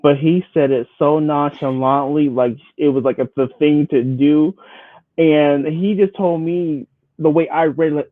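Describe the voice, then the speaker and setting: A man joins a casual commentary chat as co-host, giving short, agreeable replies. His voice is a little high for a man. It comes through a thin, phone-like line that sounds dry and close. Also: steady tone, a little slow, no echo.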